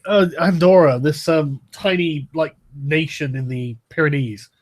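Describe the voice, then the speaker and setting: A man with a husky, slightly high voice chats sarcastically and swears freely. He tells his stories loosely, with repeats and restarts. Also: a little slow. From England. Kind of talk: casual chat.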